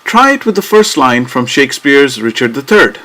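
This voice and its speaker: A man giving scripted educational narration, reading in a measured, deliberate way and tapping out rhythms with clear emphasis. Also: mid-range voice, big pitch swings, sharp tone.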